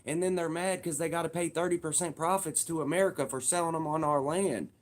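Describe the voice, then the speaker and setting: A man's voice: a little high, steady tone, fast. Man in his thirties ranting profanely. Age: 30s. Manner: profane, heated, repetitive, emphatic. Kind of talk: casual political rant.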